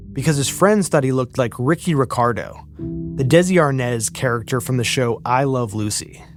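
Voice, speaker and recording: A man hosting a podcast, reading scripted narration in a measured, even way. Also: medium pitch. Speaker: podcast host. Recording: faint music underneath.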